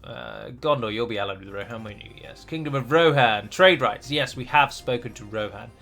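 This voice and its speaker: A man's voice: mid-range voice, moderate pace, vocal fry, sharp tone, faint music behind. A man hosting a strategy game let's play, chatty and rambling, with restarts and the odd dramatic flourish. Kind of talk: game commentary.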